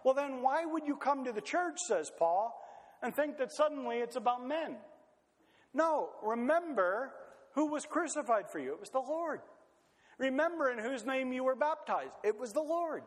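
A man preaching a sermon in a lively, conversational way, full of rhetorical questions. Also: very high-pitched, moderate pace. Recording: long hall reverb.

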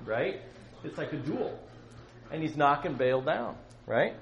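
A man teaching a Bible lesson to young students, telling the story with animated rhetorical questions. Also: fairly high pitch, unhurried, creaky, dull audio. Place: room with students. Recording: roomy echo.

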